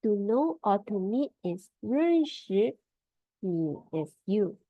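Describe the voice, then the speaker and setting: Slow, patient woman teaching Mandarin. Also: medium pitch, sing-song, dry recording. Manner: slow, patient drilling of tones, repeating words. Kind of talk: online language lesson. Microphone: video call. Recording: dull lo-fi video call audio.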